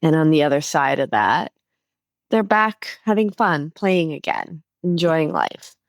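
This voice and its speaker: A woman with a fairly low voice, earnestly explaining her healing method as a podcast guest. She talks in a clear, instructive way and grows animated when making a point, and the recording is close and dry. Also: measured pace, no room sound. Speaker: guest, inner child healing coach.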